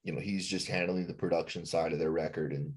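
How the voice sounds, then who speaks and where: A rock frontman with a lowish voice recounts a band blowup in a podcast chat. He swears constantly and slips into the voices of the people he quotes. His delivery stays animated and unfiltered. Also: fast, husky. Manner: profane, animated storytelling, acts out quotes. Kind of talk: casual podcast storytelling.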